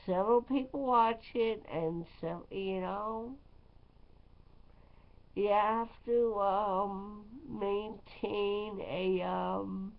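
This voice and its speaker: A woman's voice: medium pitch, steady tone, drawn-out words, gravelly. A woman DJ talking in a casual vlog, rambling and emphatic with lots of fillers. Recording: slightly dull lo-fi sound.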